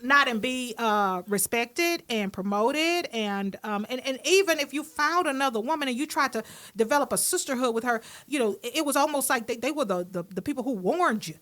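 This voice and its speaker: A woman guest on a podcast, a broadcaster, telling stories in a casual, lively and emphatic way. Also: fairly high pitch, fairly quick, hardly any pauses. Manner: lively, animated, often drops into acted-out quoted voices; emphatic, repeats words for emphasis. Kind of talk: casual conversational storytelling.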